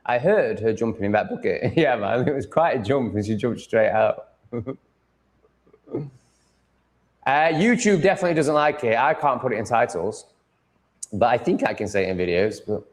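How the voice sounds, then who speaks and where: Man, low voice, crude, mocking, rambling live-stream chat. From Sheffield, England. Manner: crude, mocking, swears freely.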